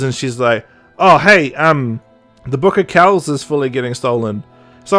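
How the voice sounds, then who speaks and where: With faint music behind him, a man whose voice leans high talks at normal speed as he hosts a podcast. He relates a story in casual, animated chat, acting out quotes and laughing.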